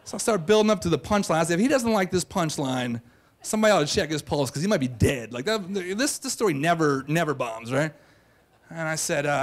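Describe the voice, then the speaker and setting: Cocky guy doing a funny story at a live show, voice on the high side, mic'd on stage. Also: animated, a little fast. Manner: brash, comic, self-mocking delivery. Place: theater stage before a live audience.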